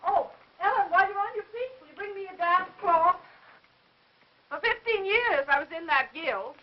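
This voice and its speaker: An actress playing a fussy, chattering older aunt who meddles and prattles on, in 1950s film acting. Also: female voice, extremely high pitch, lively intonation, normal speed. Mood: prattling. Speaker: busybody aunt. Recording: muffled old film soundtrack with faint hiss.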